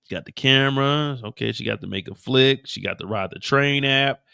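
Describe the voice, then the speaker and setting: A man hosting a live after-show, recapping a TV episode with animated, profane storytelling. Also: medium pitch, moderate pace, creaky, smooth. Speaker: host.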